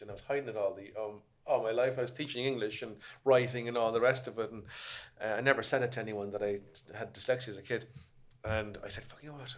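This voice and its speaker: A man with an Irish accent, a podcast guest who tells animated stories, swears freely and quotes himself along the way. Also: medium pitch. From Ireland. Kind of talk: casual chat.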